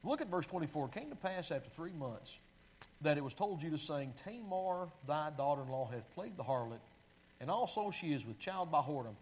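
A man preaching a sermon with a slightly raised pitch. He reads scripture aloud in a pleading voice that often drops low and soft. He breaks off now and then to correct himself and find his verse. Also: very animated, fairly quick, a little hiss or hum, low-quality recording. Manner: restarts and self-corrections while finding verses.

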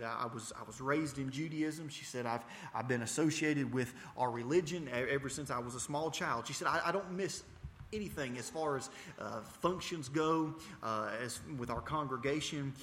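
A man's voice: medium pitch, moderate pace, a bit bright, in a large hall, slight background noise. A man preaching a mission testimony, retelling a story with many hesitations and rising to fervent intensity. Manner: storytelling, repeating "she said" and building to fervent intensity; frequent hesitations and restarts. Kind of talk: testimony sermon.

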